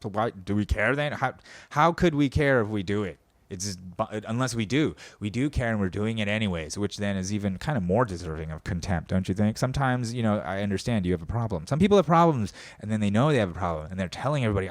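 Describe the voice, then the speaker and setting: A man's voice: fairly low pitch, animated, quick pace, no echo. A man hosting a podcast, delivering a sarcastic, profane comedic rant about politics and mocking people as he goes. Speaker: podcast host.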